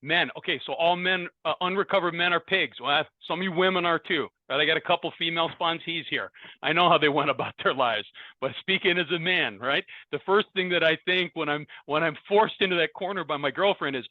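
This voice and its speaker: A man with a fairly high voice shares his recovery story with fervent, preacherly emphasis, repeating his key words for the room. The sound is tinny and phone-like, with no room echo at all. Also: a little fast. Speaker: speaker at a recovery meeting.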